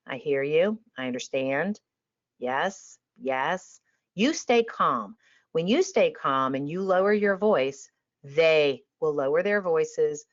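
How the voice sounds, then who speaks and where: Energetic woman speaker, lo-fi audio. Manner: energetic and emphatic, drops to a calm low voice to demonstrate. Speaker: industry trainer on a webinar panel. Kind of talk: passionate talk to travel advisors. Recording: dull lo-fi online audio.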